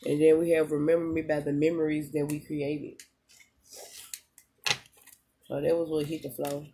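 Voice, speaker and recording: A spiritual reader giving a casual channeled reading straight to viewers, slangy and chatty, pausing often to tune in. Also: medium pitch, flat delivery, mellow, slight background noise. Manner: emotional at moments, talks straight to the audience.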